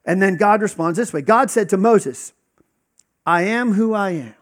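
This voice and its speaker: A man's voice: sits high, moderate pace. A man preaching a conversational sermon, teaching casually with lots of fillers and acted-out dialogue.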